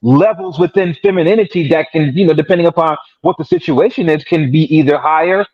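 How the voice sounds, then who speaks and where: A man co-hosting a casual podcast chat who lays out his views in a thoughtful, measured way. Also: fairly high pitch, no echo, highs cut off.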